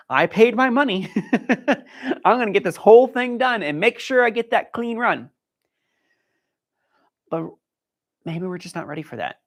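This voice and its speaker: A man's voice: a little high, creaky, fairly bright tone. A man who trains dogs, giving an earnest, encouraging livestream talk from inside his training facility. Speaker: dog trainer. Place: indoor dog training facility.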